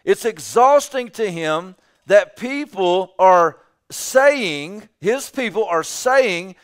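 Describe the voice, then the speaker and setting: A man's voice: high-pitched, lively intonation, takes it slowly, clean tone. A man preaching a sermon as pastor, emphatic, often repeating his phrases for weight.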